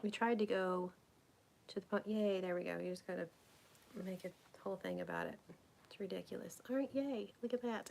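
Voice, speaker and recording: A woman chats on a live crafting stream, rambling from one thought to the next. Her voice has a gravelly fry, sits at an average pitch for a woman, and often drops into a whisper. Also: big pitch swings, brisk, darkish tone, slight background noise. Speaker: crafting vlogger. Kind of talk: casual live-stream chat while crafting.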